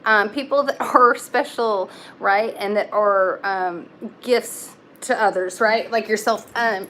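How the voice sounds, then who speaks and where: A woman's voice: mid-range voice, slow, bright, forceful tone, a little hiss or hum. A young woman giving a casual live tarot reading, talking in a chatty, reassuring way with lots of fillers. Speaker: tarot reader.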